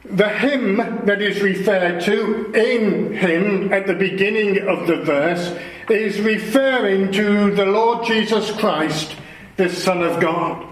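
High-pitched guy giving a slow earnest sermon, echoey room. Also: a little hiss or hum. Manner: slow, earnest expository preaching. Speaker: preacher.

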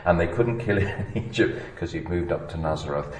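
A man preaching a sermon, swinging between hushed, low asides and loud, emphatic lines. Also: fairly quick, roomy sound, a little hiss or hum, low-quality recording.

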